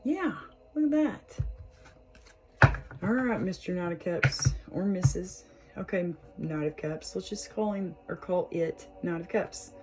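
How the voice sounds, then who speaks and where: A woman's voice: lowish voice, a little slow, background noise. A young woman, chatting casually to her viewers as she reads tarot, laughing often. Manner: chatty, warm, lots of "y'all" and laughs. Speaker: tarot reader, channel host. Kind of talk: casual tarot reading to camera.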